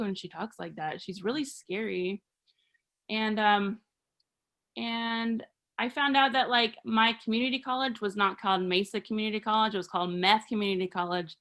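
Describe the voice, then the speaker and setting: A woman's voice: mid-range voice, normal speed, a bit bright. A woman in her thirties from Arizona doing a rambling, self-deprecating stand-up comedy set. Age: 30s.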